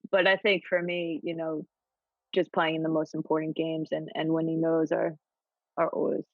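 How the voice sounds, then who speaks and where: A woman from New Jersey with an American accent, answering interview questions in a laid-back, halting way. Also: sits low, flat delivery, no room sound, narrow, tinny audio. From New Jersey, USA. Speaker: footballer guest.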